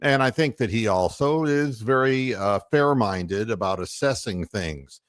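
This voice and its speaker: A man from Ohio hosts a casual sports talk show podcast, rambling and heated, packed with fillers and mocking quotes. His voice is fairly low with lively intonation and an unhurried pace, in a dry recording with clean studio sound.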